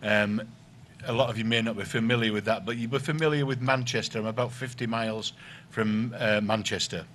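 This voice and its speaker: A man's voice: lowish voice, fairly quick, fairly bright tone, a little hiss or hum. A middle-aged man from the north of England, an easygoing guest explaining things at length in conversation. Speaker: guest, record collector. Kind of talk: conversational interview.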